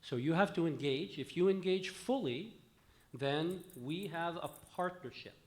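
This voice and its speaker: A man's voice: a little high, unhurried. A man, a physician, making an emphatic comment from the floor at a conference, often dropping his voice at the ends of phrases. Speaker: physician asking a question from the floor. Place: conference hall.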